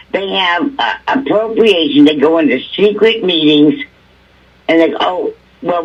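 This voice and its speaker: A woman's voice: low-pitched, husky. An older woman from Alaska calling in to testify at a hearing, talking bluntly and with exasperation. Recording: muffled distant phone line.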